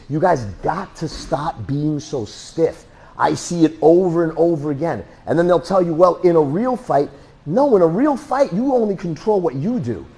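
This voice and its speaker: A man teaching a self-defense class in a blunt, joking, animated way. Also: a little high, slightly rough. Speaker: martial arts instructor.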